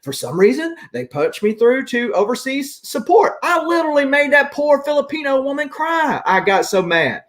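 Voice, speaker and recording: Opinionated Southern man, fairly high voice. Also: very animated, normal speed, fairly bright tone. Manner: opinionated, ranting, chatty. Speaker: host. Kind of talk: casual chat.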